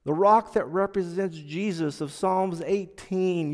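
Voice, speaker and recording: Man sharing a testimony, high voice, long hall reverb, slow earnest delivery that swings between hushed and loud. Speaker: speaker giving a testimony. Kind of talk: personal testimony talk.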